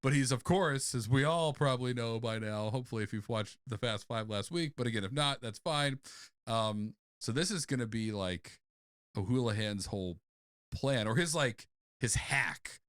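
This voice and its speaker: A man's voice: mid-range voice, moderate pace, fairly bright tone, no room sound, clean studio sound. A man co-hosting a comedy podcast, brainstorming in a giggly, rambling, enthusiastic way. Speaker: podcast co-host.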